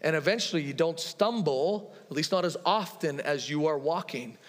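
A man in his thirties preaches to his congregation, slipping easily into personal anecdotes and acted-out conversations. His voice sits slightly high for a man. The sound carries the long reverb of a large hall. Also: moderate pace. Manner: conversational storytelling with laughs and quoted dialogue. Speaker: pastor. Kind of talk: sermon.

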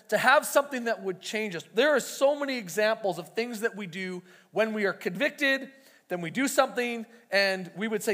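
High-voiced preacher man in a reverberant hall. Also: fairly bright tone. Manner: conversational, acts out quoted voices. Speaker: pastor. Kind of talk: sermon.

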